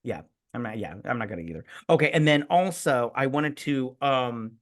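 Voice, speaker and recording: A man's voice: mid-range voice, normal speed. Profane tipsy man ranting about a movie. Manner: profane, animated, acts out quoted film scenes. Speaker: podcast co-host. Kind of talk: casual chat.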